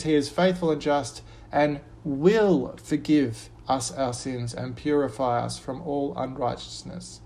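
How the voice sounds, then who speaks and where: A man preaching an earnest sermon, lifting his voice on quoted verses and dropping low and soft on a repeated refrain. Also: steady tone, a little slow, few pauses.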